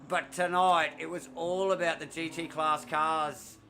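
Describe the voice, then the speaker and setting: A man, commentating a sim race live, excitable and out of breath, rambling with fillers. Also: on the high side, unhurried, slight background noise.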